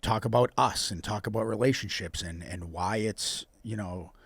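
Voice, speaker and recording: A man's voice: fairly low pitch, normal speed, gravelly, a bit bright, breathy edge, dry recording. A man in his thirties with a Boston accent, co-hosting a casual podcast chat, blunt and teasing, with lots of swearing. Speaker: podcast co-host.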